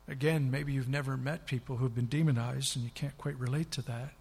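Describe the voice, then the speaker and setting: A man's voice: medium pitch, fairly even intonation, brisk, creaky, darkish tone, husky. A man preaching a sermon, retelling scripture with dramatic, rising emphasis. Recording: long hall reverb.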